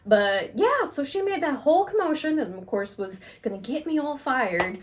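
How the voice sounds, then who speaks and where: Woman podcast co-host, slightly high voice, animated storyteller, casual swearing. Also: normal speed.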